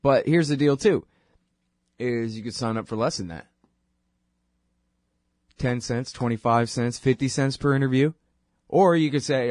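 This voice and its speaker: A man hosting his own radio show, talking in a rambling, wry, conversational way full of quick asides. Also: mid-range voice, fairly even intonation, dry recording, studio quality. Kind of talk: casual monologue.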